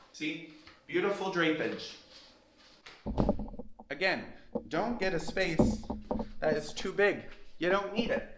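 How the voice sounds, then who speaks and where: A man's voice: high-pitched, heavy background noise. A man hosting a casual house-tour vlog, talking straight to viewers in an emphatic, sassy way as he walks through the rooms of a house. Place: rooms of an emptyish house, indoors. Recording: roomy echoey rooms.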